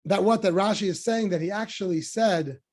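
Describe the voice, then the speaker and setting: Husky man teaching Torah with animation. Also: brisk. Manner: animated explaining, pitch jumps up for emphasis. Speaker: rabbi teaching a Talmud class. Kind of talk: Torah lesson.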